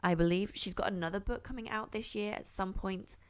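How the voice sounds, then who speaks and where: A woman's voice: mid-range voice, brisk. A young woman chatting casually to camera as a book reviewer, rambling and often correcting herself.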